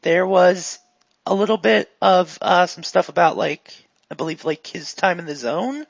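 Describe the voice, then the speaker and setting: A woman running a tabletop role-playing game in a husky, gravelly voice, rambling along with lots of "like" and "um". The sound is dry and close. It comes through a dull, lo-fi recording. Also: on the low side, a little slow, dry recording. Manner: relaxed, rambling, full of "like" and "um". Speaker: game master.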